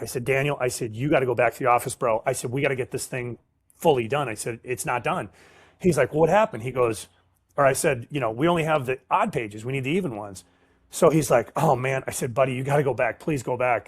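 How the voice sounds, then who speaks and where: Speaking fast with a breathy edge, this mid-range male voice has no room sound at all. He's a middle-aged salesman guesting on a casual storytelling interview, animated, slangy, and performing the dialogue as he goes.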